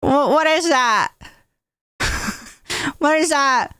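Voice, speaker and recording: A woman's voice: high-pitched, drawn-out words, sharp tone, no echo, clean studio sound, pitched above the performer's own voice, exaggerated voice. A woman voicing her younger self as a confused, innocent little girl, puzzled and sing-song.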